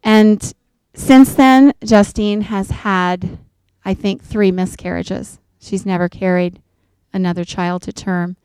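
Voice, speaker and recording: A middle-aged woman speaks earnestly to a gathered group, recounting a counseling story. Her voice is smooth and resonant, recorded dry and close. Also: medium pitch, steady tone, slow, hardly any pauses, a little mellow, no echo. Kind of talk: faith-based talk to an audience.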